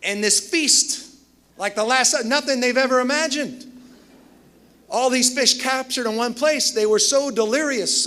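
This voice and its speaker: A man voicing his excitable hotel engineer, who calls in a panic. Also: sits high, creaky, voice pushed up, full character voice.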